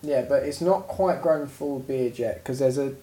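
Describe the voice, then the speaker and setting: A podcast co-host chats casually, telling stories with animation and laughing often. His mid-range voice is unhurried.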